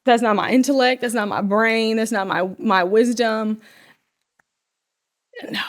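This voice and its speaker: A woman's voice: fairly high pitch, steady tone, measured pace. A young adult woman hosting a casual faith podcast, effusive and emotional, sometimes dropping to a whisper. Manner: emotional, effusive, drops to whispers when moved. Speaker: podcast host.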